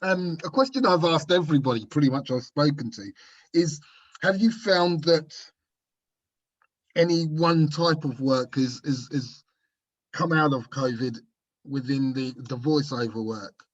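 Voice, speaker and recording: Relaxed podcast host, muffled sound. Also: mid-range voice, a little slow. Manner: relaxed, asks questions, laughs along. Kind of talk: casual podcast interview.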